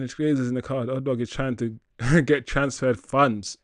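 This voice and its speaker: A man's voice: medium pitch, normal speed, hardly any pauses, no echo. Chatty male football livestream host. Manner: animated and chatty, laughs often, addresses chat as guys. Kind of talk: casual livestream chat reading viewer comments.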